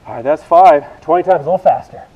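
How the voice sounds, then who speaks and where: A male fitness instructor leads a yoga workout video, counting reps and cueing moves while exercising and out of breath. His voice is a little high, fast, and husky, and the recording is muffled.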